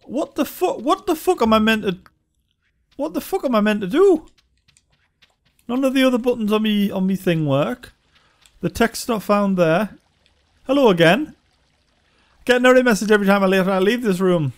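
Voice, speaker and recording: A man's voice: high voice, lively intonation, moderate pace, pauses often. Sarcastic, swearing game reviewer, man. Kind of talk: let's-play commentary.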